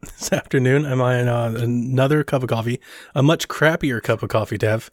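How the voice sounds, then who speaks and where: A man in his thirties co-hosting a casual chat, telling animated stories. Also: mid-range voice, moderate pace, no room sound, studio quality. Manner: animated storyteller, acts out family quotes with laughter. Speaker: podcast co-host.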